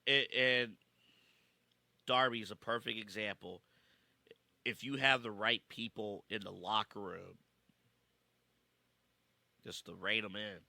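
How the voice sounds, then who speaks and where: A man co-hosting a podcast in casual chat, animated and jokey. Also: lowish voice, takes it slowly, vocal fry, pauses often, no room sound. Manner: animated, jokey, gets excited. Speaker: podcast co-host.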